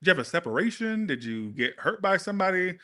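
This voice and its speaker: A man doing a casual tarot reading, talking straight to his viewers in a blunt, sassy, animated way. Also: sits high, fast talker. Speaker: tarot reader.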